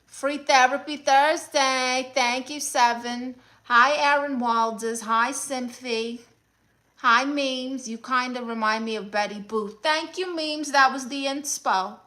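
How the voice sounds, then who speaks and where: A woman playing a brash, sassy aunt who hosts a livestream, reading viewer comments with deadpan scolding. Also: high voice, takes it slowly, full character voice. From Brooklyn, New York. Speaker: comedic livestream host character. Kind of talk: mockumentary livestream comedy.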